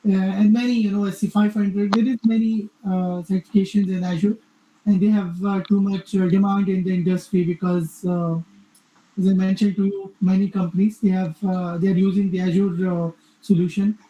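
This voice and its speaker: A man on a video call giving casual advice as a cybersecurity panelist, halting, with many fillers and checking "okay?". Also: high voice, little pitch movement, warm tone, a little hiss or hum. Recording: dull roomy video call audio.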